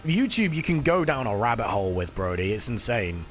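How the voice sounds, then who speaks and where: A man's voice: on the low side, sing-song, a little fast, fairly bright tone. A man chatting casually with his live-stream chat while he plays, swearing now and then. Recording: faint music behind.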